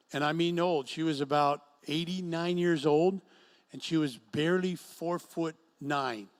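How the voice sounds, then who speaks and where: Fairly high-voiced man preaching a sermon. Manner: storytelling with acted quotes. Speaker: pastor. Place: church event room.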